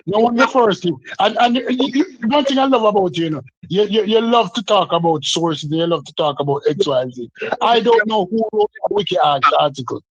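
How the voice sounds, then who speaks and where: Brief: man in a heated online debate, high husky voice, insistent, lo-fi dry sound. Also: animated, fairly quick, hardly any pauses, dry recording. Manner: repeats himself, insistent, interrupts. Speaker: debate guest.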